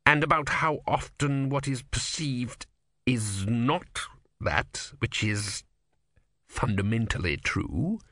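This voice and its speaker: A man voicing a cold, menacing male religious leader who speaks slowly, deliberately and sharply. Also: medium pitch, animated, sharp tone, no room sound, studio quality, heavily acted.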